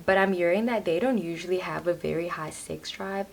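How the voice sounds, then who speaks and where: A young woman with a fairly low, brisk, gravelly voice gives a casual tarot reading to a camera set on a tripod. She chats loosely, her talk packed with "like" and "you know."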